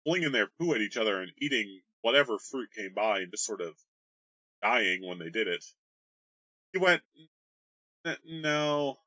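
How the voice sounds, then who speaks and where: A game master rambles through his tabletop campaign's history, joking casually and leaning on crude humor in this worldbuilding explainer. His fairly low voice is animated, pushed and bright, at a normal speed with frequent pauses, and the recording has no echo.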